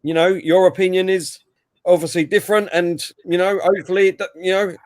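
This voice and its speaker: A talkative man hosts a fan livestream, his voice sitting a touch high for a man and sounding close and dry. He rambles casually between match talk and reading out comments from viewers. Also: level tone, a little fast, no echo. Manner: chatty, reads out viewer comments. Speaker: livestream host. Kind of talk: casual football fan chat.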